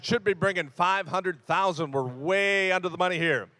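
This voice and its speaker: A man working as an auctioneer, calling bids in a rapid, repetitive chant with quick asides. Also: sits high, pushed and bright, no room sound.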